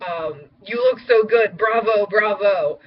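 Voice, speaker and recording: A woman's voice: mid-range voice, a little slow, highs cut off, close to an everyday voice. A young woman imitating a cheerful little old coffee-counter lady with a Spanish accent and broken English. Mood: cheering.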